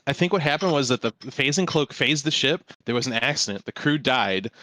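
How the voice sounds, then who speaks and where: A man with a bright, forceful voice and a dry close sound, theorizing casually with friends. He builds his theory out one step at a time. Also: mid-range voice, lively intonation, brisk, no echo, poor audio. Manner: speculating, theorizing. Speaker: watch-along participant. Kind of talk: casual group chat.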